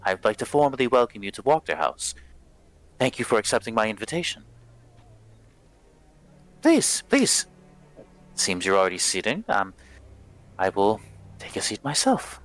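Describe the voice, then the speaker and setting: A man's voice: fairly low pitch, big pitch swings, normal speed, pauses often, a bit bright, faint music behind. A man voicing a prim, proper noblewoman and commanding matriarch who speaks formally and sternly, with grace. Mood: gracious.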